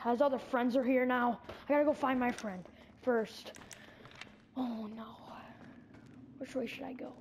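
A woman's voice: a little high, fairly even intonation, a little slow, pauses often, darkish tone, a little hiss or hum. A woman playing through a scary game story, reacting breathlessly with lots of exclamations. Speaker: player acting out a scary game movie. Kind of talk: improvised game role-play narration.

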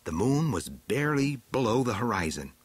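A man reading a storybook aloud with a slow, dramatic, swooping delivery. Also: medium pitch, very animated, husky, no echo. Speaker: narrator.

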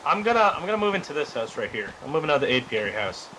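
A man chatting casually while playing a game with friends, joking, excitable and tripping over his words. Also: a little high, very fast, a little hiss or hum, poor audio. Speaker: gamer. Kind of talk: casual group gameplay chat.

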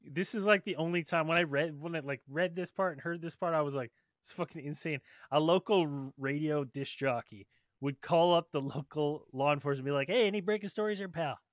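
A man's voice: fairly high pitch, fairly even intonation, brisk, no room sound, studio quality. A young man hosting a podcast, joking and teasing his co-hosts in casual banter. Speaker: podcast host.

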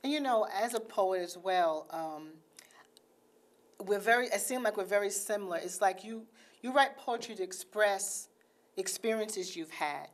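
A woman's voice: medium pitch, measured pace. A woman hosting an interview, asking questions in a rambling way, full of "you know.". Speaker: host.

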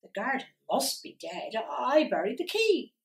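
A woman voicing a grieving, troubled father with a hushed, wondering manner in a storybook reading. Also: sits high, big pitch swings, unhurried, heavily acted. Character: grieving, troubled father, middle-aged man. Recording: voice from a distance.

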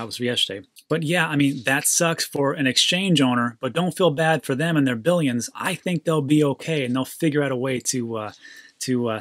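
A man hosting a crypto channel, talking casually and excitably straight to his viewers, ranting and getting worked up. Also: medium pitch, dry recording, clean studio sound. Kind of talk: casual commentary monologue.

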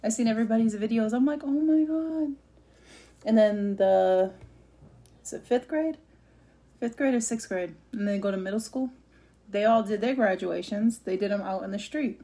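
A middle-aged woman rambling through a casual eating-show vlog. Her voice is mellow and warm, and she talks in a chatty, heartfelt way. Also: medium pitch, moderate pace. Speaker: vlogger.

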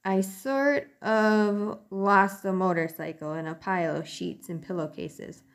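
A woman's voice: mid-range voice, steady tone, a little slow, close to an everyday voice. A woman voicing a shy, hesitant young boy mouse in a storybook reading. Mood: ashamed.

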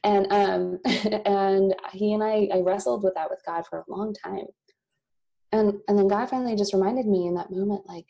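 A woman in her thirties, a company founder and podcast guest, telling a candid personal story with bursts of laughter and animated asides. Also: medium pitch, moderate pace, gravelly, dull audio. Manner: emotional, laughs often, quotes God in animated asides.

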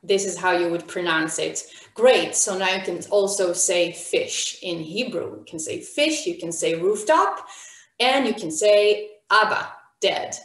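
A woman's voice: lowish voice, measured pace, reverberant. A woman teaching an online beginner Hebrew class, encouraging and calling on students by name.

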